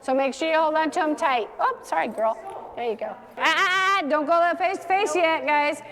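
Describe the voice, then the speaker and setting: A woman's voice: high voice, normal speed, fairly bright tone. A woman dog trainer leading a hands-on class, giving direct instructions and coaxing the dogs in a sing-song. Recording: long hall reverb.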